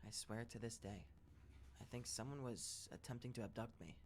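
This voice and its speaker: A man narrating first-person scary stories in a steady, even read-aloud delivery. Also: medium pitch, normal speed, slight background noise. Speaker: story narrator.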